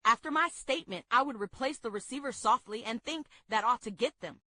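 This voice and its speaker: A woman reading a memoir aloud at a book club in a steady, expressive way. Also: a little high, brisk, no room sound.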